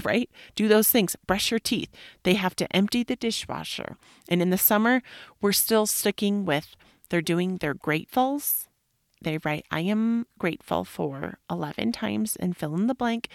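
A woman's voice: fairly low pitch, no echo, studio quality. Candid, rambling woman podcaster. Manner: candid, rambling, drops into whispers and swears. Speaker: podcast host. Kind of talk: casual solo podcast talk.

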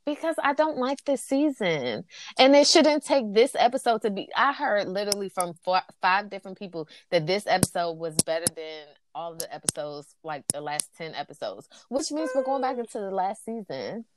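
A woman's voice: mid-range voice, lively intonation, normal speed, noisy background. A woman in casual chat, laid-back and blunt, who laughs often and swears freely.

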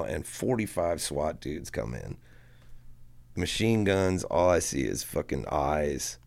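A man telling a story to a podcast host in a casual, profane, animated way, acting out what people said. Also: deep voice, a little slow, gravelly. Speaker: guest musician.

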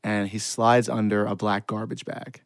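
A man's voice: fairly low pitch, little pitch movement, moderate pace, gravelly, dry recording, studio quality. A man telling a long, self-deprecating funny story in casual chat. He rambles and laughs often.

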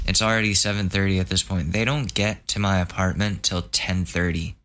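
Young man, podcast host, lowish voice, casual rant, profane, exasperated. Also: steady tone, normal speed, hardly any pauses, fairly bright tone. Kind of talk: casual ranting monologue.

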